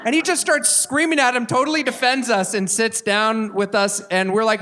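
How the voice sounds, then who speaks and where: A man with a notably high voice co-hosts a live podcast on stage. He tells stories in an animated way, laughing and acting out the voices of the people in them. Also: fairly quick, hardly any pauses. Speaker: podcast co-host. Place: live stage in front of an audience.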